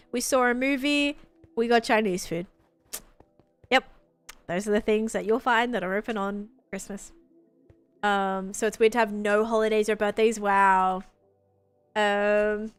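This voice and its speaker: A young woman from Australia with a softened Australian accent, chatting casually with her live stream viewers, rambling and full of "like" fillers. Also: medium pitch, fairly even intonation, moderate pace, clean tone, soft background music. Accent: Australian, softened toward American.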